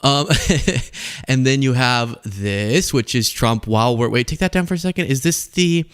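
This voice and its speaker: A man's voice: medium pitch, normal speed, a bit bright, clean tone. A man hosting a political commentary show, sarcastic and giggly, often laughing as he talks.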